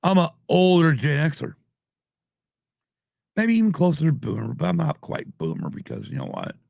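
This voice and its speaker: Gravelly, angry man in his fifties ranting. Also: fairly high pitch, sing-song, moderate pace, a little mellow, no echo, clean studio sound. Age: 50s. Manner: angry, swearing, heated. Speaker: podcast host. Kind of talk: profane live-stream rant.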